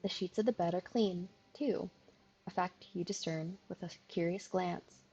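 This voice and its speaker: A sleepy woman streamer reading a visual novel aloud, with a gravelly, husky voice. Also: on the low side, fairly even intonation, measured pace, dark tone, dull audio. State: sleepy, yawning.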